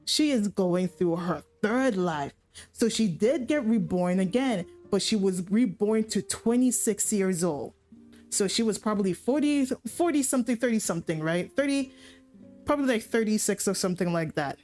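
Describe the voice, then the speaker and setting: A woman's voice: mid-range voice, lively intonation, normal speed, darkish tone. A woman streamer casually recapping a story in a rambling, profane way, often correcting herself mid-sentence. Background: faint background music.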